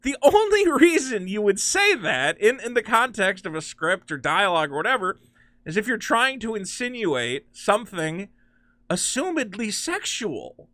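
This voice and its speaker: A man hosts a comic-book commentary, ranting with incredulous, sarcastic exasperation. His voice swoops widely and has a bright, forceful edge. It is recorded dry and close, with no room sound. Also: high-pitched, big pitch swings, normal speed, no room sound. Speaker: host.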